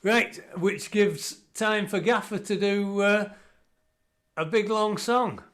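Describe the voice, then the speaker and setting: A jovial man with a high voice hosts a folk club session on a video call. He moves from one performer to the next briskly. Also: a bit bright.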